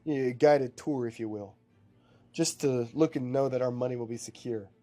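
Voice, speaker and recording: A man's voice: medium pitch, normal speed, dark tone, soft background music, lightly acted. A man voicing a smug con man who drawls and stretches his words.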